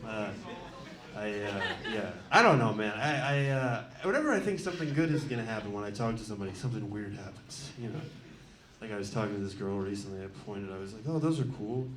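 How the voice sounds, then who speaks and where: A man around twenty doing a stand-up comedy set, awkward and self-deprecating, halting with lots of "uh"s. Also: fairly low pitch, a little hiss or hum. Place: comedy club stage before a laughing crowd. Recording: echoey club with loud crowd laughter.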